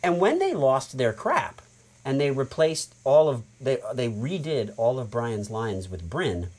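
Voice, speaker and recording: A man who works as a voice actor, a guest in a casual chat, telling lively anecdotes and acting out quotes. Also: mid-range voice, measured pace. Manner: animated anecdote-teller who acts out quotes.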